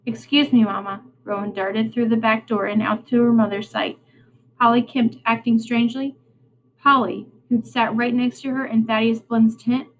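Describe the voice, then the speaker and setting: A woman reading a children's novel aloud in a steady, plain storytelling way. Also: on the high side, moderate pace, slight background noise, rough recording. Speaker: reader.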